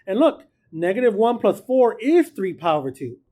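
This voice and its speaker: A man's voice: sits high, sing-song, moderate pace, mellow. A man teaching a math class, casual and encouraging, talking through each step aloud. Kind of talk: classroom lecture.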